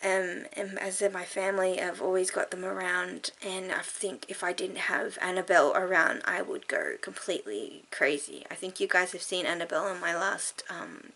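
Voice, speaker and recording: A tearful woman talking frankly and earnestly to camera in a personal vlog, halting and sighing. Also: on the low side, a bit bright. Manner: earnest and heartfelt, halting with sighs. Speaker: vlogger.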